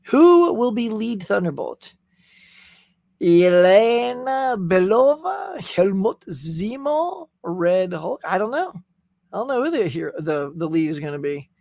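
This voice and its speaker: A man's voice: high voice, no echo. A man hosting a casual live stream, chatting energetically and greeting viewers by name. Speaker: host. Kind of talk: casual livestream chat.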